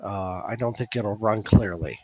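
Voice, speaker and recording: A man's voice: on the low side, normal speed, dark tone, dry recording. A man with a Chicago accent presenting at a meeting, musing aloud with many fillers. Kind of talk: casual demonstration talk.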